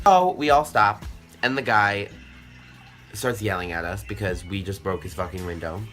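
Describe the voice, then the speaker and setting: A young man tells a story straight to the camera, chatty and animated, with a lot of swearing and filler words. His voice is bright and forceful. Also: on the low side, a little fast, soft background music. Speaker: vlogger. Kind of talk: storytime vlog.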